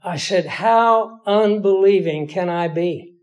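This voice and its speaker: A middle-aged male pastor with a high-pitched voice preaches a story from his own life. He keeps it folksy and conversational and pokes fun at himself. He talks to the congregation as if chatting with friends. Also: moderate pace, a little mellow. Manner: conversational, folksy, self-deprecating. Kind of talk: storytelling sermon.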